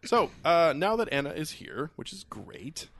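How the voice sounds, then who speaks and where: A man's voice: fairly high pitch, big pitch swings, a little slow, fairly bright tone, dry recording. Young man, podcast host, rambling casual chat, swears a lot, dry close sound.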